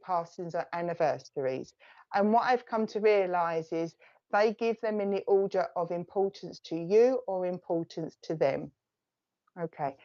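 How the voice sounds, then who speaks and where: A woman's voice: on the low side, darkish tone, highs cut off. A woman with an Essex accent giving a live psychic reading, relaying messages in a chatty, reassuring way. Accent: Essex English. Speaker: psychic medium.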